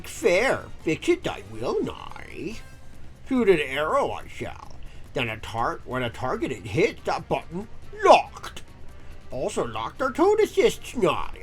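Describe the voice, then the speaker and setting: A man's voice: sits high, a bit bright, voice pushed up, heavily acted. A man voicing a grumpy, arrogant male bow creature who speaks in backwards sentences with a slurred, drunken lilt and grunts at the ends of lines.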